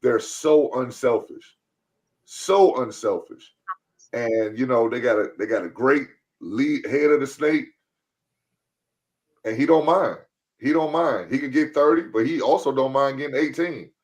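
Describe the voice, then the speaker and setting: A man's voice: medium pitch, measured pace. A man co-hosting a sports podcast in casual talk, laid-back and given to repeating his points. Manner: laid-back, repeats phrases, loud when riled up. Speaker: podcast co-host.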